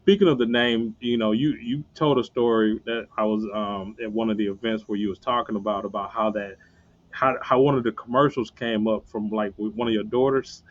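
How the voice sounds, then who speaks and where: A man's voice: on the low side, steady tone, brisk, no room sound, dull audio. A man hosting an interview, asking questions casually with hesitant restarts and some enthusiasm. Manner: hesitant, repeats words, enthusiastic. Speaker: interview host.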